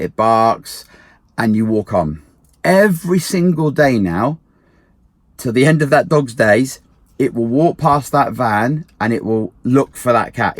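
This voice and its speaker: A man's voice: medium pitch, dry recording. A man, a dog trainer and martial arts instructor, giving casual advice and acting out the people he quotes. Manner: emphatic, acts out quoted people.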